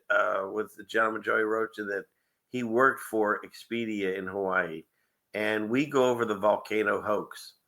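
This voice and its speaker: Male host, casual livestream chat, gravelly edge, very bright tone, rambling with lots of chuckles. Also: fairly low pitch. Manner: rambling, chuckling often, conspiratorial asides. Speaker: show host.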